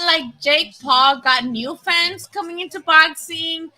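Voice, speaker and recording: Young woman streamer from Nayarit, high, piercingly bright voice, casual and profane. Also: unhurried, poor audio. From Nayarit, Mexico. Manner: chatty, excitable and profane, talking to viewers. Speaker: boxing commentary streamer. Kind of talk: casual livestream chat.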